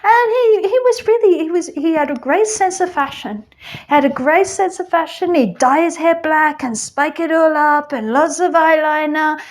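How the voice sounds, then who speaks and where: A woman's voice: high-pitched, moderate pace, lightly acted. A woman playing a flippant, gossipy goddess queen of the underworld in a chatty comic monologue full of "like" and "you know".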